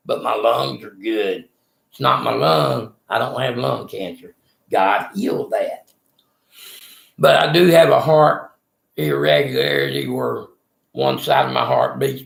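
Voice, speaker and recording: A middle-aged man from Texas, rough-spoken and folksy, telling a rambling personal story with plenty of swearing. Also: mid-range voice, fairly bright tone, echoey room. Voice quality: gravelly.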